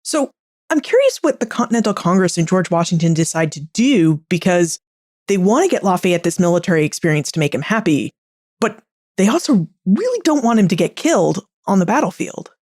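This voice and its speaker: A woman podcast host asking curious, clearly framed questions of her guest. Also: on the low side, very animated, a little fast, a little mellow, dry recording, studio quality. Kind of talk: interview questions.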